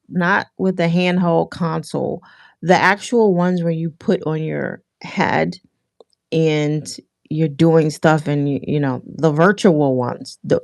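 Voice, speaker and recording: A woman's voice: deep voice, vocal fry, darkish tone, no echo, clean studio sound. A woman hosting a casual livestream, chatting with viewers in a rambling way with many restarts and fillers. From Philadelphia area. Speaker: livestream host.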